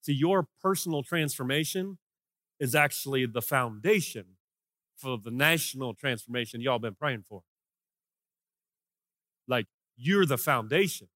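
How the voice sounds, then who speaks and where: A man preaching a sermon as pastor, swinging between impassioned shouted lines and hushed, quiet ones. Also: mid-range voice, lively intonation, measured pace, long pauses, no room sound, studio quality.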